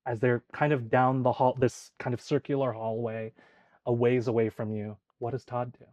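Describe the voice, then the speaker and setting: A man running a tabletop game, painting each scene in vivid, descriptive detail. His voice sits at an ordinary middle pitch and is close and dry. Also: little pitch movement, normal speed, darkish tone, dry recording, dull audio. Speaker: game master.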